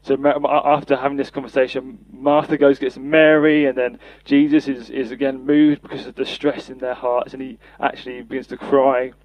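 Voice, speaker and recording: A man's voice: medium pitch, level tone, normal speed, hardly any pauses, dry recording. An earnest man preaches a sermon, lifting his voice whenever he quotes scripture. The sound is dry, with no room around it, and slightly dull, like a lo-fi podcast recording. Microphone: podcast mic.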